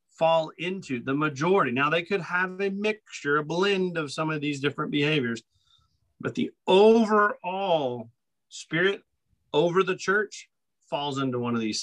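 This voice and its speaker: A man's voice: on the high side, a bit bright, rough recording. A man co-hosting a podcast who teaches from the Bible in a casual way. He reads scripture passages aloud and repeats his points with emphasis. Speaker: podcast co-host.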